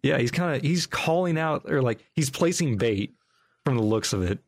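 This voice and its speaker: A man's voice: mid-range voice, lively intonation, moderate pace, no echo. A man in casual podcast chat, hesitant and chuckling, with dry sarcasm. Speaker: podcast guest.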